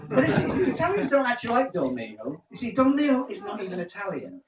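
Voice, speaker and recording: Lively stand-up comic in an echoey room. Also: male voice, high voice, brisk. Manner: punchy joke-telling, quizzes the audience. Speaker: stand-up comedian. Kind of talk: stand-up comedy set. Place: live comedy venue. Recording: echoey, distant, noisy room recording.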